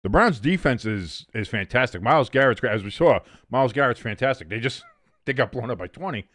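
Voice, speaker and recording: Animated man teasing during a game. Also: mid-range voice, a little fast, dry recording. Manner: rambling teasing banter mixed with play-by-play. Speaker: watch-along host. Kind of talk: casual live sports watch-along chat.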